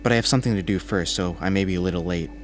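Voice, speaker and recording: A man's voice: deep voice, very fast, a little hiss or hum, close to an everyday voice. A man voicing an anxious young woman who answers hesitantly and evasively.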